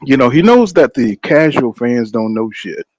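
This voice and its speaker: Guy ranting on his boxing live stream, cussing, greeting chat by name, mid pitch, dry close mic. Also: sing-song, normal speed, a little mellow, no echo. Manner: loose, profane, greets viewers by name. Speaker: boxing channel host. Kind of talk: casual live-stream commentary.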